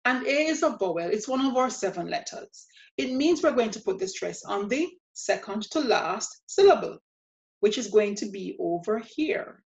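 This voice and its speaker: A woman teacher walks through pronunciation rules at a patient, methodical pace. She repeats each example word slowly, her voice sitting in a middle pitch. The recording is dull and muffled, lacking high end. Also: lively intonation, creaky. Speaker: Spanish teacher. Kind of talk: spoken grammar lesson. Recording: dull lo-fi sound.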